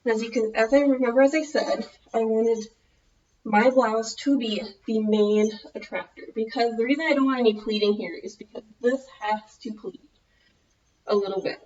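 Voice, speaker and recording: A woman's voice: fairly high pitch, fairly even intonation, moderate pace, a little mellow, highs cut off. A woman with a Minnesotan American accent, chatting casually through a clothing tutorial, rambling and correcting herself as she goes. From United States. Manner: rambling, loses her thread, self-correcting. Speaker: vlogger.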